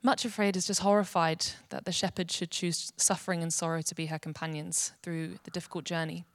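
A woman giving an earnest, gentle devotional teaching. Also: lowish voice, little pitch movement, a little fast, dry recording, clean studio sound. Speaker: Bible teacher.

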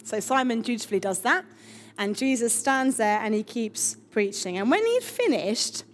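A woman pastor preaching a lively, chatty sermon with emphatic asides. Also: fairly high pitch, normal speed, a little hiss or hum.

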